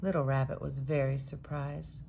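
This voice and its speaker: A woman reading a children's picture book aloud in a gentle, expressive storytelling way. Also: a bass voice, moderate pace, vocal fry, a little hiss or hum.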